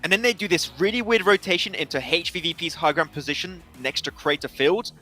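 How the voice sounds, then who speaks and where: Quick, bright-voiced esports analyst. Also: male voice, on the high side, faint music behind. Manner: quick, animated, stumbling restarts. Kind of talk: analyst desk chat.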